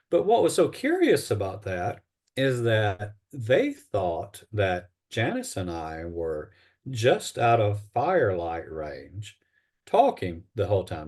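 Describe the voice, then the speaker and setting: Man, lowish voice, halting anecdote-teller in an interview. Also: darkish tone. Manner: rambling, halting with many fillers and restarts. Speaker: interview guest, bigfoot investigator. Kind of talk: casual storytelling in an interview.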